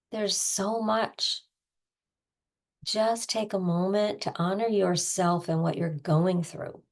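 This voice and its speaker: An older woman talks her listeners through a self-help tapping lesson. Her voice sits low with a gravelly edge, and she speaks slowly in a gentle, encouraging way. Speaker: tapping coach.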